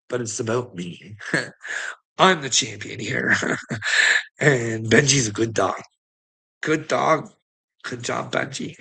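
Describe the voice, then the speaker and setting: A man rants into the mic in a taunting, profane monologue, his voice rough and gravelly. The tone is tense and edgy, and he mocks his listeners, hammering home words by repeating them. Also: fairly low pitch, pushed and bright. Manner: taunting, profane, mocking laughs. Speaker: online commentator. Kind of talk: ranting monologue to camera.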